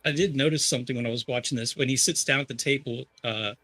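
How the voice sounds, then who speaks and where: Bright, husky man chatting about films. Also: medium pitch, fast, no echo. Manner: rambling, enthusiastic, many restarts. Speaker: podcast co-host. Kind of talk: casual movie discussion.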